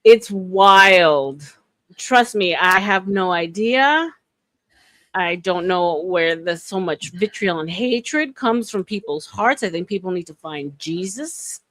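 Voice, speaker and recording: A woman's voice: on the low side, expressive, takes it slowly, fairly bright tone, no room sound. Chatty New York woman in her forties. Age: 40s. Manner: chatty, with many restarts and laughs. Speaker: livestream host. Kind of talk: casual live chat. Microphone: phone.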